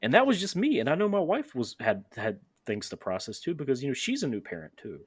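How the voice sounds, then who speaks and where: A man's voice: medium pitch, big pitch swings, fast, slightly rough, dry recording. A young adult man hosting a podcast, telling candid, self-deprecating stories in casual chat. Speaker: podcast host.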